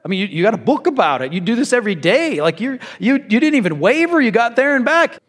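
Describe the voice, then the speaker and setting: A man voicing an ordinary male tourist who gets anxious and excitable and exclaims a lot, in a sermon story. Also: very high-pitched, fast talker, pitched above the performer's own voice, exaggerated voice. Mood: earnest.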